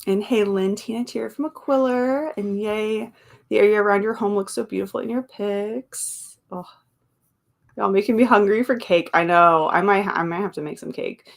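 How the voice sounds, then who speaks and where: A woman's voice: mid-range voice, moderate pace, creaky. Woman chatting on a live stream, reads out comments, laughs a lot, wanders off into little side stories. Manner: chatty, laughs often, trails off into asides. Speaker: livestream host. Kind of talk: casual chat reading viewer comments aloud.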